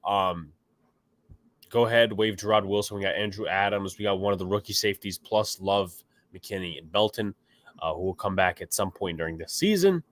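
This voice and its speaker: A man's voice: low voice, moderate pace, fairly bright tone. A man hosting a casual sports podcast, opinionated and rambling, with a stuffy nose, reacting to chat comments. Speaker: podcast host.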